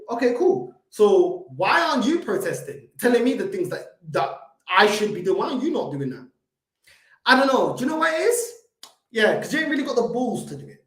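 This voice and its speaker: A man with a London accent hosting a heated live stream, confrontational and swearing freely. His pitch swings widely as he argues. The sound bounces around an echoey room. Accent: London English. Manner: confrontational, swearing, repeats himself. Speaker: fan channel host.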